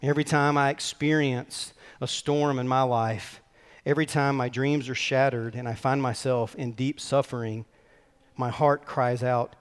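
A man preaching a sermon as pastor, earnest and conversational with quick asides. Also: medium pitch, steady tone, smooth, long reverb tail. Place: church sanctuary.

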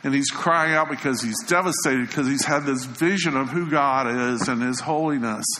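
Male pastor, sermon, bright forceful voice, conversational preaching, long church reverb, faint room ambience. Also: mid-range voice, normal speed, slight background noise. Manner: conversational preaching, quoting scripture, dropping softly for emphasis. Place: church sanctuary.

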